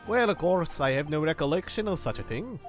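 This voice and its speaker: A man voicing a sleepy, halting male suspect in a put-on Scottish accent. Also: on the high side, lively intonation, soft background music, lightly acted. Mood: protesting. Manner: halting, overly polite, stumbling.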